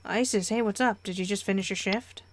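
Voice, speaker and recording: A woman's voice: mid-range voice, a little fast, slight background noise, close to an everyday voice. Woman voicing a soothing young boyfriend. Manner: soothing, coaxing. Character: caring young boyfriend, gentle and reassuring.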